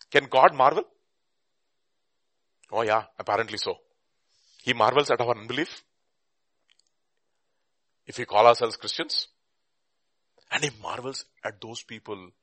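A man preaching a sermon and teaching a Bible class, emphatic, with rhetorical questions and bursts of loud stress. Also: mid-range voice, dry recording.

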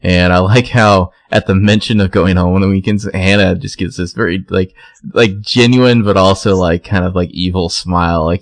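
Deep gravelly man retelling a plot. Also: normal speed, dry recording. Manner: relaxed storytelling, acts out quotes. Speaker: podcast co-host. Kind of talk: casual recap chat.

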